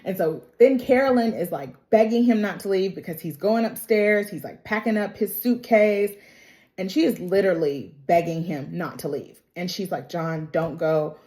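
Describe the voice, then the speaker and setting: A woman's voice: medium pitch, moderate pace, warm tone. A woman talking to camera in a casual, emotional recap of a TV drama episode, chatty, with frequent "like" and "y'all". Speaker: TV episode reviewer.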